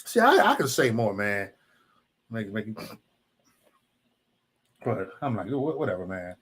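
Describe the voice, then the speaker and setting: A man hosting a live stream, venting at trolls in chat with heavy cursing. His pitch swings up and down a lot as he mocks and scolds. He talks loosely, as if to regulars. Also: slow pace, husky. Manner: profane, animated, mocking chat trolls. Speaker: livestream host.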